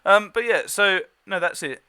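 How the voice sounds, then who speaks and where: Guy rambling thru a game recap, bright voice, super dry close sound. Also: high-pitched, moderate pace, clear, resonant tone, dry recording. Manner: rambling, chuckling, many fillers and restarts. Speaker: podcast co-host giving a battle report. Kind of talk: casual chat.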